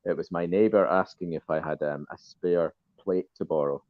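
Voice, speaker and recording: Deep-voiced man on muffled call audio. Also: steady tone, moderate pace, dry recording. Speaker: stream guest. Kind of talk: casual call chat.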